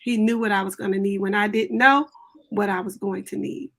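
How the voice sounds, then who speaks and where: A woman's voice: medium pitch, fairly even intonation, a little fast. A woman on a grief panel speaking emphatically and devoutly, repeating key phrases. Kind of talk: personal testimony.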